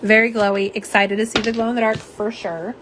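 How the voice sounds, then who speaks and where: Hosting a live nail polish unboxing and swatching session, a woman chats casually and reads viewer comments aloud. Her medium-pitched voice is brisk and fairly flat, against a noisy background.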